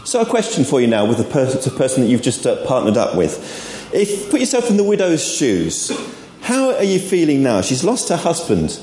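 An echoey church hall with faint background noise holds this recording of a man giving an informal, all-age sermon full of friendly asides to the congregation. His voice is medium-pitched and mellow, with huge pitch swings at a normal speed.

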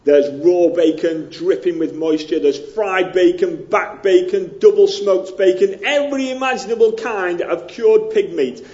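A chatty, self-deprecating preacher with a northern English accent from near Liverpool. His voice sits fairly high for a man. The church recording sounds dull and lo-fi. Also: a little slow, hardly any pauses, dark tone. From northern England. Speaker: pastor. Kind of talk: sermon.

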